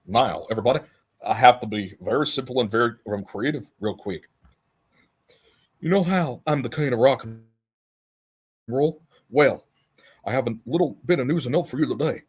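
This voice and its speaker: A man doing a hammy impression of a rock-and-roll king crooner giving a quick sales pitch. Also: husky, lightly acted.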